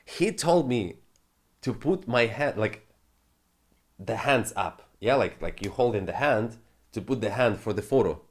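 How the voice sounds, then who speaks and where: Speaking at medium pitch and an unhurried pace, this male crypto channel host delivers ranting market commentary. His manner is animated and profane, with non-native phrasing.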